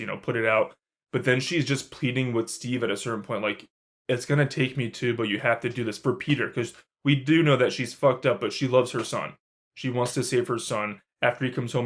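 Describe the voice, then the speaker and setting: A man co-hosting a podcast, chatting casually and excitedly about a horror film, swearing freely. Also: mid-range voice. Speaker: podcast co-host. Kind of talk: casual movie review chat.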